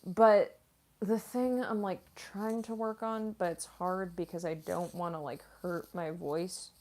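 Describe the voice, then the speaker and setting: A woman's voice: on the low side, fairly even intonation, a little slow, a little mellow. A voice actress chatting casually on a livestream, answering viewer comments. She fills her talk with "like" and "um", and she is a classically trained singer. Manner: chatty, many fillers like "like" and "um". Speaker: voice actress and streamer.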